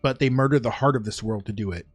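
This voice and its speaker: A man voicing a weary but resolute old woman who grieves the lost wilderness, her voice rasping. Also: mid-range voice, quick pace, no room sound, faint music behind, natural voice. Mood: grieving, resolute.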